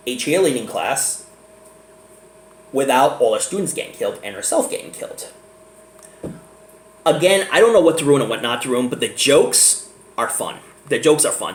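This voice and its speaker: A man giving a casual, rambling movie review, laughing often as he talks. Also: medium pitch. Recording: echoey room.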